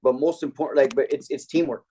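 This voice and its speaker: A man's voice: medium pitch, fast talker, breathy edge. Man coaching a sales team. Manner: energetic storytelling, acting out customer quotes. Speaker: sales trainer. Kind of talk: team training talk.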